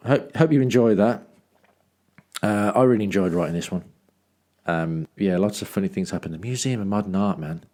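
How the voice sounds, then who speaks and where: A low-pitched man from Dudley reads out his travel journal for his podcast. He drifts into wry, self-mocking asides and rambles, with plenty of ums and restarts. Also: normal speed, dark tone. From Dudley, England. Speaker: podcast host. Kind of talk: reading a travel journal and chatting about it.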